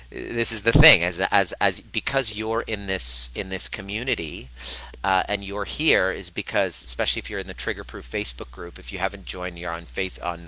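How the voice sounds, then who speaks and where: A man with a fairly low voice talks on a casual livestream. His tone is sharp and forceful, and he speaks candidly, swears freely and repeats himself for emphasis. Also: rough recording. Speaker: host of a livestream on self-love and healing.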